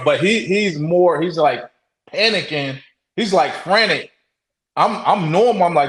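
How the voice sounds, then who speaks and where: Halting man telling a story, roomy echo. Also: a little high, lively intonation, fairly bright tone. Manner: halting, with many restarts and acted-out quotes. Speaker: interview guest. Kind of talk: casual storytelling.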